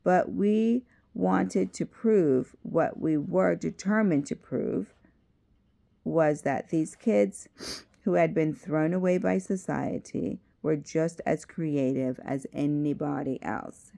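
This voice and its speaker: A woman's voice: sits low, takes it slowly, vocal fry, mellow, exaggerated voice. A woman reading aloud as a cheerful, earnest male South African educator. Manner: upbeat and earnest.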